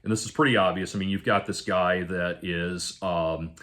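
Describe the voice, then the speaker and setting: Man with a somewhat low voice who tells a personal story casually and halts often. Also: steady tone, a bit bright. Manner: halting, restarts and self-corrections. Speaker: vlogger telling a personal story.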